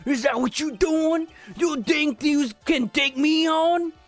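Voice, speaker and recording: A man voicing a hot-tempered male mafia loan shark in a video game, talking in rough tough-guy slang. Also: very high-pitched, slow, faint music behind, pitched above the performer's own voice. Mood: angry.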